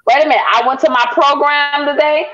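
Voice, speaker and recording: A woman from Texas chatting loudly and emphatically as a guest in a casual group talk. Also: high-pitched, fairly even intonation, brisk, crowd noise. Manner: loud, emphatic, Southern Black vernacular. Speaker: podcast guest, business owner. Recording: muffled lo-fi sound.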